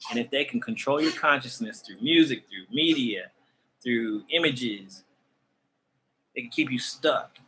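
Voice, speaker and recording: Bright-voiced man ranting casually to viewers. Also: medium pitch, a little hiss or hum, rough recording. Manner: loose, conversational, addresses viewers as "y'all", laughs often. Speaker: tarot reader and channel host. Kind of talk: casual spiritual rant to viewers.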